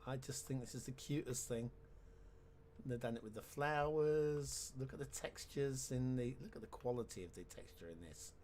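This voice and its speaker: A chatty man talking through a city-building game at a relaxed mid pitch. His commentary is casual and wry, full of sarcastic asides, over a faint hum of background noise. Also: normal speed. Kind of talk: casual let's-play commentary.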